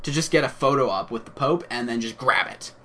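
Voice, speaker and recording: A man's voice: mid-range voice, animated, sharp tone. A man co-hosting a podcast, joking and riffing playfully in a casual chat. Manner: playful, riffs and jokes with quick restarts. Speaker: podcast co-host.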